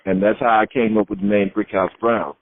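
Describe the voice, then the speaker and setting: A man's voice: fairly low pitch, fairly quick. A middle-aged man from Florida, a retired wrestler, telling his stories in a shoot interview and acting out the voices of people he quotes. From Florida, USA. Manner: lively storyteller who acts out quoted voices. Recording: tinny phone-like line, dry.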